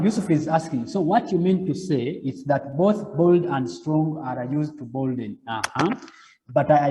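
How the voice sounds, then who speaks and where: A man teaching web design, walking through each step slowly and repeating himself, often checking in with "okay?". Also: fairly high pitch, warm tone, in a large hall. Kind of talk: live coding lecture.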